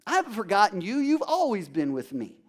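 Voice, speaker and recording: A man's voice: high-pitched, huge pitch swings, brisk, full character voice. A pastor speaking as a tender pleading father. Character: loving, pleading father, older man, joyful.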